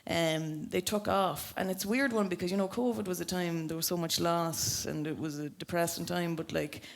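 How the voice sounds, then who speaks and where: A woman's voice: fairly low pitch, fairly even intonation, moderate pace, vocal fry, a little hiss or hum. Irish woman late 20s, louth accent, chatty and laughing a lot, live podcast guest. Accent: Irish, County Louth. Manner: chatty, laughing, self-mocking storyteller. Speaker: comedian guest. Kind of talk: casual chat on a live podcast. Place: live show venue.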